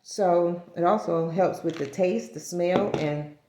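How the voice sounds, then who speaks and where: A woman's voice: lowish voice, takes it slowly, mellow. A woman vlogging casually and speaking to the camera. She rambles, corrects herself and laughs at her own stumbles. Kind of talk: casual talking-head vlog. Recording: echoey room.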